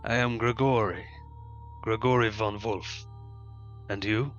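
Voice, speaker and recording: A man's voice: fairly low pitch, steady tone, fairly bright tone. A man playing a courtly, menacing predator. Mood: smooth, courtly. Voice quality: slow, formal, silky menace. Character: menacing, smiling male predator stranger with a great sword. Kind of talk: tabletop role-play in character. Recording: dull, muffled recording with faint music.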